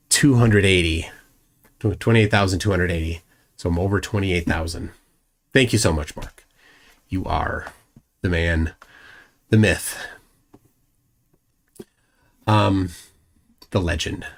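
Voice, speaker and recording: Male live-stream host, somewhat low voice, loose rambling delivery full of ums and restarts. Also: slight background noise. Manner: mocking asides to a rival. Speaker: livestream host. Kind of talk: casual live-stream chat.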